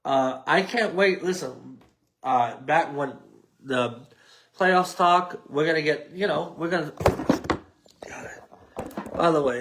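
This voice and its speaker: A man hosting a solo sports talk show from a home setup. His voice is nasal and mumbling, a little high for a man, and he rambles in a loose, joking way full of fillers. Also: measured pace, long pauses, a bit bright, a little hiss or hum. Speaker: podcast host.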